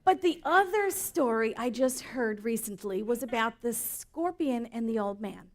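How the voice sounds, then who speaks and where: A woman's voice: on the high side, expressive, measured pace. A middle-aged woman minister preaching a sermon in an earnest, storytelling way that rises for emphasis.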